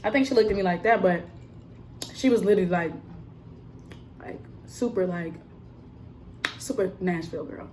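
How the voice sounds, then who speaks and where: A young woman telling a story in a casual, animated vlog style, emphatic and full of fillers. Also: lowish voice, moderate pace, pauses often, noisy background. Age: young adult. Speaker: vlogger and cosmetics counter worker.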